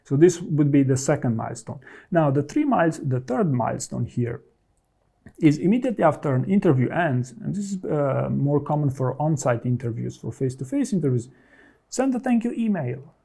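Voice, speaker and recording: A man's voice: a little high, very animated, moderate pace, vocal fry, mellow, husky. A man working as a career coach, talking straight to the viewer and giving direct, instructive advice. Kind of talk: advice talk to camera.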